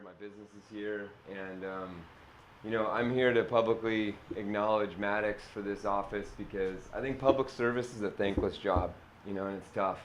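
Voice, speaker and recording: A man's voice: on the low side, poor audio. A man giving an earnest, rambling spoken endorsement of a local candidate, with fillers.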